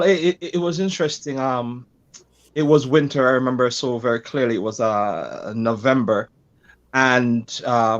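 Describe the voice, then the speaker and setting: A pastor telling a lively, self-deprecating story about his life as a guest in a conversation. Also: mid-range voice, highs cut off.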